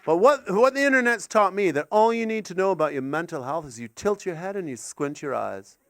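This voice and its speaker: An older man doing a stand-up comedy set, his high voice leaping up and down wildly. He rambles through absurd tangents, drops to muttered asides, then builds into sweary shouted rants. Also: lively intonation, fairly quick, no echo. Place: live comedy gig in an art gallery.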